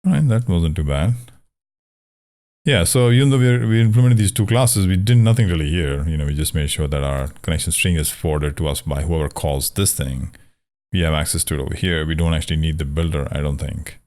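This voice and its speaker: A man's voice: extremely low pitch, fairly quick, a little mellow. A man giving a casual coding tutorial, talking through his steps aloud, correcting himself and joking wryly along the way. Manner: thinking aloud, conversational, self-correcting; wry, joking about pronunciation. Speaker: programming tutor. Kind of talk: casual screen-share coding walkthrough.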